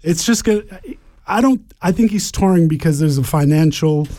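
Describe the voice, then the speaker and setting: A man's voice: on the high side, animated, normal speed, warm tone, no echo, studio quality. A man guesting on a casual radio show, rambling and repeating himself as he talks.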